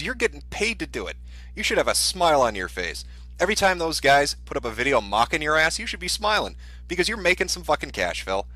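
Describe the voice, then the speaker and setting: A man's voice: medium pitch, sing-song, quick pace, pushed and bright, no echo. A man ranting in profane, sarcastic commentary, mocking a streamer as he reads his posts aloud.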